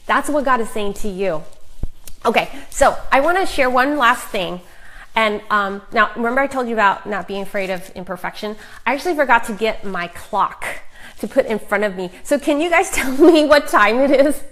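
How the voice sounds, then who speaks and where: A middle-aged woman author giving a chatty, emphatic live talk of faith encouragement to viewers, with fillers and quick asides. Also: a little high, lively intonation, fairly bright tone, rough recording. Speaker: author and Christian speaker.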